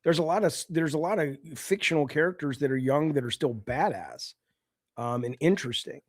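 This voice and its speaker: A man's voice: fairly high pitch, brisk, no echo. Sweary guy ranting on a podcast, dry close mic. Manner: profane, ranting, animated. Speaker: podcast co-host. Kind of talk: casual chat.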